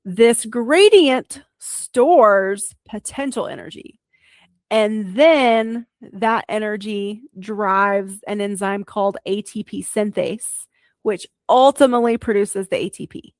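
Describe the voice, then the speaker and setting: A woman's voice: mid-range voice, takes it slowly, no room sound, clean studio sound. A female podcast host, explaining biology plainly in a casual, chatty solo talk.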